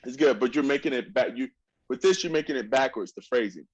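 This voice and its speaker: A man's voice: medium pitch, a little fast, breathy edge, dull audio. A man coaching a student in a masterclass, singing phrases to demonstrate, exacting and encouraging. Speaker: oboe teacher.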